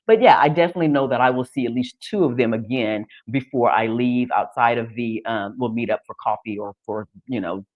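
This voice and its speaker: An American woman from Texas hosting a casual live stream. She talks in an animated way, with many restarts and fillers. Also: rumbling low, lo-fi sound. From Texas, United States. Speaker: host.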